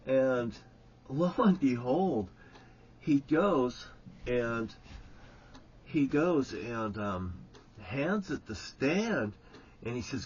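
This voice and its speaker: A man rambles through an old story, swearing freely and chuckling as he goes. His voice sits at a middle pitch. The recording sounds slightly dull, with faint noise in the background. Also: very animated, unhurried. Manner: rambling, profane, breaks into chuckles. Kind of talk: casual spoken storytelling.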